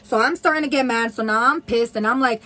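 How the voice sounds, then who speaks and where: A woman's voice: fairly high pitch, quick pace, bright, forceful tone, rough recording. A woman in her twenties from New Haven, telling a candid, profanity-filled story time while doing her makeup. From New Haven, USA. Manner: candid, heavy swearing, lots of "like". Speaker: vlogger.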